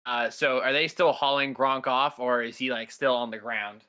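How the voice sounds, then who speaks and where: A man's voice: medium pitch, steady tone, moderate pace, sharp tone, clean tone. A man playing a tabletop game, eagerly talking his character out of trouble. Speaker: player. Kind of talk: casual tabletop game play.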